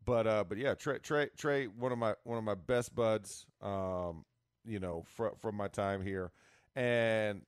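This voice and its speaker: A man chatting casually as co-host, telling lively stories and laughing often. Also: lowish voice, unhurried, clear, resonant tone, dry recording, studio quality. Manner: animated storyteller, laughs often. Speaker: former football player, co-host. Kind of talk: casual sports chat.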